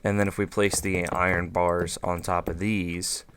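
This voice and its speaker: A man's voice: low-pitched, flat delivery, measured pace, a bit bright, slight background noise. A man hosting a let's play, thinking aloud in casual gameplay commentary with lots of fillers and goofy asides.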